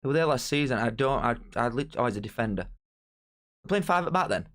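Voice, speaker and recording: A young man chatting casually on a live stream as host, excitable and bantering straight to his viewers. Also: mid-range voice, brisk. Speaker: streamer hosting a live watch-along.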